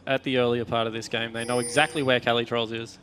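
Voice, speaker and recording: A man's voice: mid-range voice, flat delivery, fast, a bit bright, slight background noise. A man with an Australian accent casting an esports match, explaining strategy in detail. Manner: analytical, explains game mechanics at length. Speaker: esports caster. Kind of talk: esports commentary.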